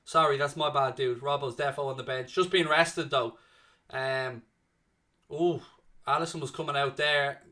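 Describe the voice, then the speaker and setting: A young man with a mid-range voice and normal speaking speed hosts a live fan watchalong. He calls the play with excitable, chatty energy and reads out chat messages, talking with viewers in between.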